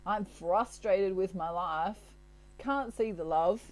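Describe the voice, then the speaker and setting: Woman putting on a whiny moping man, complaining, slow, mellow. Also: medium pitch, close to an everyday voice, low-quality recording. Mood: whining. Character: self-pitying moping man, frustrated and blind to help.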